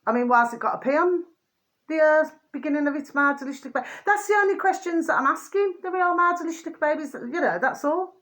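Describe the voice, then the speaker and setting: A woman hosting her own channel, talking in a rambling, casual monologue. She keeps asking if listeners know what she means and drops to a murmur between louder bursts. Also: animated, fast talker. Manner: chatty, repeats pet phrases and asks "do you know what I mean"; often drops to a low murmur, then rises high and laughs. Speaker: channel host.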